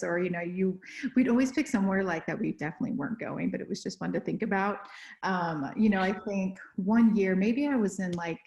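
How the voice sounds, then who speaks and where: A woman's voice: mid-range voice, quick pace, vocal fry, darkish tone, echoey room, rough recording. A young woman from Texas co-hosting a podcast from home, chatting casually with lots of fillers and restarts. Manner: rambling, lots of fillers and self-corrections. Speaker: podcast co-host. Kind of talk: casual chat.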